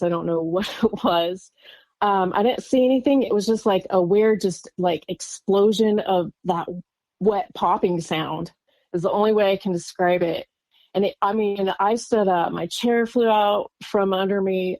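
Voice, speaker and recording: A woman from Oregon, USA, appears as a guest witness on an interview podcast, recounting a personal encounter in a rambling way with lots of fillers and nervous laughs. Her voice is medium-pitched and a little mellow, with no echo.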